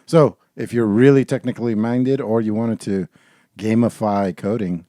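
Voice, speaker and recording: A man's voice: lowish voice, fairly even intonation, moderate pace, warm tone, no echo, clean studio sound. A man co-hosting a casual gaming podcast, cracking jokes and swearing casually. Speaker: podcast co-host. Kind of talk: casual chat.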